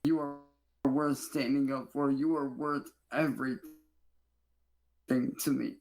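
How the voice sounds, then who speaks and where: A man's voice: medium pitch, flat delivery, measured pace, a little mellow. A man recording his own video messages, alternating boastful wrestling-style bravado with teary declarations of love. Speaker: online streamer. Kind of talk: self-recorded video monologue.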